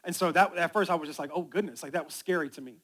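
A middle-aged male pastor preaching a sermon, telling stories and building to loud, excited preaching. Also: fairly high pitch, racing.

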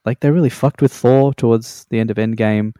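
A man's voice: mid-range voice, fairly even intonation, a little fast, dark tone, clear, resonant tone, dry recording, clean studio sound. A man in a laid-back, opinionated casual chat, with fillers like "like" and "man".

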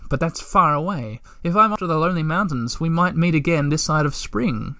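A man's voice: fairly high pitch, fairly quick, pushed and bright, no echo, studio quality, voice pushed up. A man voicing a cheerful, eager male creature in a storybook reading, talking with beaming enthusiasm. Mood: enthusiastic.

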